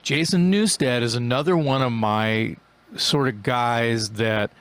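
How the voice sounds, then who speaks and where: A man hosts a podcast and talks like an excited fan, swearing freely. His voice is mid-pitched and dry, close to the mic. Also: takes it slowly, smooth, dry recording. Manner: enthusiastic fan, swears casually. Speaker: podcast host. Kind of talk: casual podcast interview.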